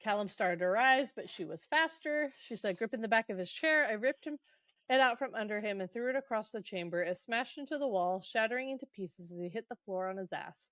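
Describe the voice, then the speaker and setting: A woman's voice: mid-range voice, animated, fairly quick, fairly bright tone, dry recording, clean studio sound. A woman hosting a podcast, casually recapping a book in a chatty, irreverent way, swearing and laughing along. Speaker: podcast host.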